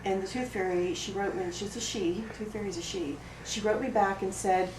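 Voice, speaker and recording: An actress playing an oversensitive, apologetic woman at a support group, rambling through an improvised monologue in a rough, emotionally raw way. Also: medium pitch, fairly even intonation, moderate pace, lightly acted. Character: oversensitive, apologetic woman pouring out her woes. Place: roomy studio space. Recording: echoey room, far mic, background noise.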